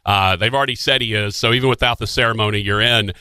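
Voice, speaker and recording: A man hosting a radio talk show, asking lively questions with many restarts. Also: fairly low pitch, fast talker, smooth, no room sound. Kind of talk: radio interview. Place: radio studio.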